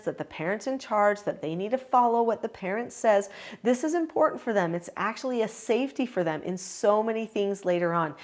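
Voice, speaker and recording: A woman's voice: medium pitch, darkish tone. An older woman who is a parenting educator, giving firm, instructive advice straight to the camera. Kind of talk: direct-to-camera advice talk.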